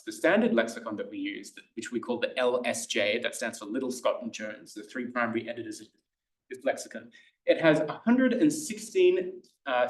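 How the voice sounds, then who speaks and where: A young man leads a classroom workshop in a relaxed, conversational lecturing style, often pausing on fillers and restarting his sentences. His voice sits at an ordinary middle pitch. The room around him gives the sound a noticeable echo. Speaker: workshop presenter. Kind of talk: informal lecture.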